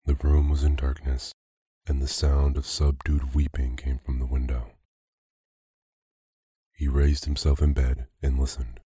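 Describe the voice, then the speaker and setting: A man narrating a classic spooky story as a calm bedtime reading for sleep. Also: extremely low pitch, slightly rough, dry recording, studio quality. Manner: slow, calm, even reading.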